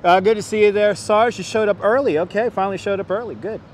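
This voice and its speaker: A man's voice: sits high, fast talker, a little hiss or hum. Chatty New York man greeting stream viewers. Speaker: live-stream host walking a city tour. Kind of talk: casual live-stream chat. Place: outdoors on city streets by a river. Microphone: wireless clip-on mic.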